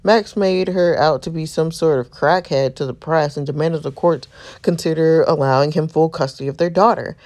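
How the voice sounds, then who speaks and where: A woman's voice: low voice, normal speed, a little mellow, close to an everyday voice. A woman reading as an earnest protective young man. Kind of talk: reading game narration aloud.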